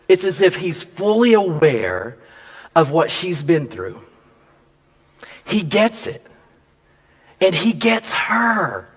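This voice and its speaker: A man preaching a sermon, telling a personal story and acting out the dialogue with lively swings in his voice. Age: adult father. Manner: animated, acts out quoted dialogue with big pitch jumps. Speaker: pastor.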